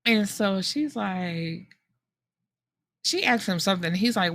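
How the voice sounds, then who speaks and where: Animated woman recapping a book. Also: fairly low pitch, takes it slowly, pauses often. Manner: animated retelling, acting out character quotes with slang and cursing. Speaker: book podcast host.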